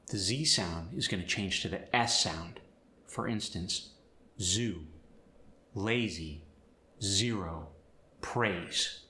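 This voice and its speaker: A man teaching pronunciation as an accent coach, demonstrating sounds in an animated, hands-on way. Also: deep voice, takes it slowly, pauses often, reverberant. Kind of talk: instructional pronunciation tutorial.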